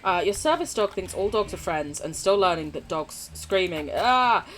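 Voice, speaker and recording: A woman's voice: fairly low pitch, normal speed, soft background music. A woman live streamer chatting casually with her viewers while gaming, swearing freely and gushing affection.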